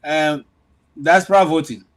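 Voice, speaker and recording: A man moderates an online discussion, calm and organizing. His voice sits fairly high, and he pauses with hesitant fillers as he passes the floor along.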